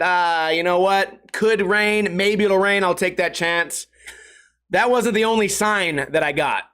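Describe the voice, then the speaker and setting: Guy ranting on his own podcast, kinda high voice, swears a lot, does goofy voices for people in his story. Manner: animated storytelling with exaggerated quoted voices; profane, comedic. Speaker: podcast host. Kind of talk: casual solo podcast rant.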